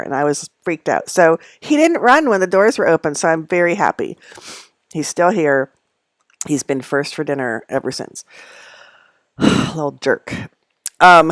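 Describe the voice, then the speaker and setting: Woman host, middle-aged, rambling live-stream chat, quick laughs, dry sound. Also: sits low, no room sound. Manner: rambling, chatty, laughs often between asides. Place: at home among packed belongings.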